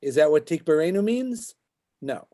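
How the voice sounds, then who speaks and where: With a warm, animated voice on the high side and a normal pace, a man teaches Talmud as a rabbi over a video call. He explains as he goes and checks on his students, frequently asking "right?"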